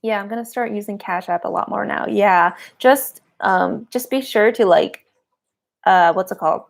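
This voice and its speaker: A woman's voice: medium pitch, normal speed, creaky. A woman giving a live-streamed tarot and oracle card reading, chatty and giggly, with a lot of "like" fillers.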